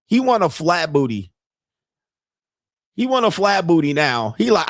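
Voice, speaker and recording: A man's voice: a little high, sing-song, normal speed, a bit bright, dry recording, studio quality. A man hosting a reaction video, giving brash, crude commentary and mocking the people he watches. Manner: brash, laughing, mock-quoting others.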